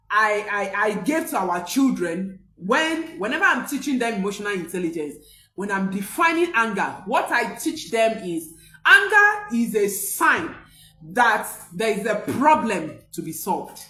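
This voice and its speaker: A woman's voice: mid-range voice, echoey room. A woman parenting coach, giving an emphatic motivational talk with preacher-like repetition. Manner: emphatic, preacher-like repetition, rising to near-shouts.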